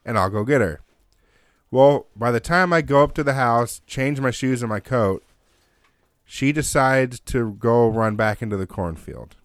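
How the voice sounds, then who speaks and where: A man telling a long story in casual chat, animated and swearing constantly. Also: mid-range voice, measured pace, no room sound, studio quality.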